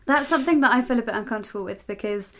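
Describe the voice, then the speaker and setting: A woman's voice: fairly high pitch, racing. A woman from the southwest of England with a modern received pronunciation accent, co-hosting a podcast as casual chat and laughing often. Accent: modern received pronunciation, English. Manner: chatty, laughs often, self-deprecating. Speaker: podcast co-host.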